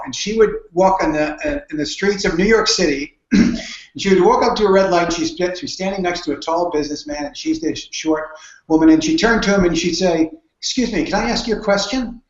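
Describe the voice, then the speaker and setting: A man answering interview questions about prospecting, telling earnest stories and often restarting his sentences. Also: sits high. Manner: storytelling, earnest, with frequent restarts. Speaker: guest speaker on network marketing. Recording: dull, roomy sound.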